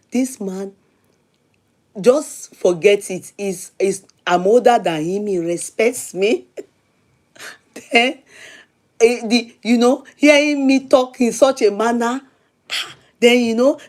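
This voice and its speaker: A woman with a Nigerian accent, hosting a show and telling a long personal story in a casual, chatty, animated way, repeating herself for emphasis. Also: fairly high pitch, slow pace, long pauses. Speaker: show host.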